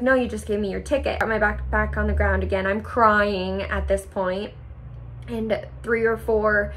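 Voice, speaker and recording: A young woman vlogger telling a travel story in a casual, animated way, often laughing and acting out what people said. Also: medium pitch. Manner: animated, laughs often, acts out quoted reactions.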